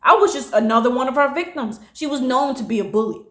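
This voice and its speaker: A woman in her late twenties, casually telling a personal story, animated and acting out what others said. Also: fast. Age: late 20s. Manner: animated, acting out quotes with big pitch jumps. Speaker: storytime vlogger. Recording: echoey room.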